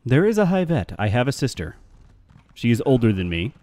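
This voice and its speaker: A man's voice: mid-range voice, very animated, brisk, darkish tone, no room sound. A man chatting casually on a live game stream, rambling and answering his chat.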